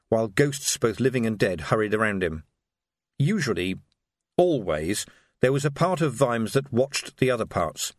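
A man reading a novel aloud with a lively, expressive lilt. His voice sits mid-range and the sound is close and dry. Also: mid-range voice, dry recording. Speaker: narrator. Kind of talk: audiobook narration.

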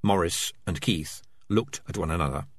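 A man reading a novel aloud as narrator, with expressive storytelling delivery. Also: sits low, moderate pace, husky, dry recording. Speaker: audiobook narrator. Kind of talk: scripted narration.

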